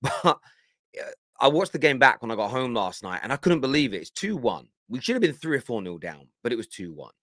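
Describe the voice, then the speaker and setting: A man hosts a football reaction show, laughing often as he reacts to clips. His voice is bright and lively, with a dry, close sound. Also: medium pitch, a little fast, no room sound. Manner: laughs often, animated and amused. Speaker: host. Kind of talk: reaction commentary.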